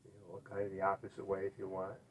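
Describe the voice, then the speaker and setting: A middle-aged man leading a gentle chair yoga class, calmly cueing stretches and breaths and often trailing off into quiet murmured "all right"s. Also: fast talker, a little hiss or hum. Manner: often drops to a soft, low murmur. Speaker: yoga instructor.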